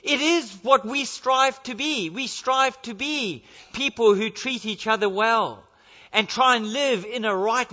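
Earnest pastor guy preaching, bright edgy voice, dull lo-fi church recording. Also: very high voice. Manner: earnest, with repeated rhetorical questions. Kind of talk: sermon. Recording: dull lo-fi sound with long church reverb.

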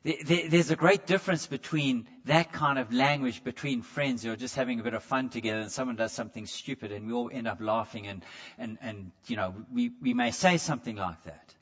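A man's voice: medium pitch, brisk, a bit bright, dull audio. A man preaching a sermon in a conversational way, stumbling over repeated words and putting questions straight to the congregation. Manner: asks the congregation direct questions.

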